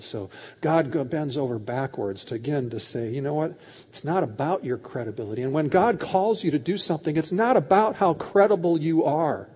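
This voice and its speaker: Delivering a sermon, this male pastor tells scripture stories in animated, casual paraphrase, voicing God and Moses and frequently repeating words at the start of sentences. He sounds husky and on the high side, speaking at a normal pace, in a dull lo-fi recording with long hall reverb.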